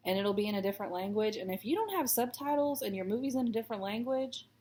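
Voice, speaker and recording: A woman's voice: a little high, expressive, fast, darkish tone. A woman in her thirties, raised in Texas, chatting in a rambling, self-deprecating way while she stitches. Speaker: stitching vlogger. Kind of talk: casual chat while stitching.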